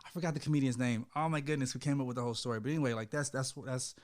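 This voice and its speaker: A man in his thirties co-hosting a casual chat with his wife, animated, laughing often and acting out quotes in a raised voice, speaking. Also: medium pitch, very fast. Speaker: co-host, husband.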